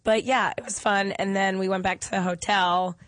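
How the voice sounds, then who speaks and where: A woman comedian chats casually as a podcast guest at an ordinary pitch. She tells her story in a relaxed, giggly way. The sound is dry and close. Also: normal speed, no echo.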